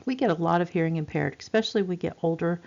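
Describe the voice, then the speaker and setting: A woman gives a nursing lecture, talking casually and circling back with fillers. Her voice sits low with a gravelly edge. The recording sounds dull and lo-fi. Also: quick pace, a little mellow. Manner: chatty, repeats herself, many fillers. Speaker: nursing instructor.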